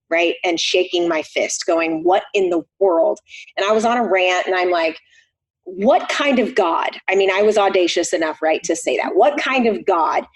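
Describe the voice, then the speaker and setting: A middle-aged woman, a chiropractor guest on a podcast, telling a personal story in an earnest way. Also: lowish voice. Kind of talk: casual conversation.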